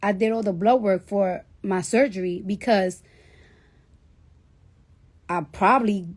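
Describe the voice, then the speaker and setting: A woman in her thirties tells a story casually on a live stream, her medium-pitched voice unhurried. She swears freely and acts out the dialogue as she goes.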